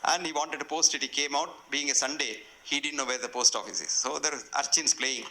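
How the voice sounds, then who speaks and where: A man's voice: a little high, a little fast, pushed and bright. A man with an Indian English accent giving a public lecture, a humorous, self-deprecating storyteller in a hotel function hall. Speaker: guest lecturer.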